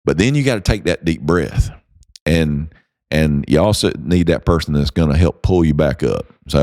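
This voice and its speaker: A man with a very deep voice hosts a motivational podcast, pressing his points home with emphatic, preacher-like delivery. The sound is dry and close, with no room around it. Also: animated, normal speed, darkish tone, no room sound. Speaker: podcast host.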